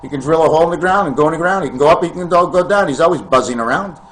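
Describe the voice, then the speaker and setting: A man vlogging in a meandering, free-associating monologue to camera, with sudden loud bursts. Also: on the high side, very fast, a little hiss or hum.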